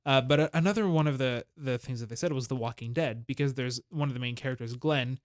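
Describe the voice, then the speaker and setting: A man's voice: mid-range voice, fast talker. A man co-hosting a podcast in casual chat, rambling with lots of fillers and restarts. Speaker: podcast co-host.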